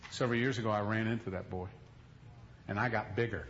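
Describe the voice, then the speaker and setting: A man's voice: on the low side, fairly even intonation, fast, dull audio, background noise. Folksy, emphatic male preacher. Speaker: pastor. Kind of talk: sermon.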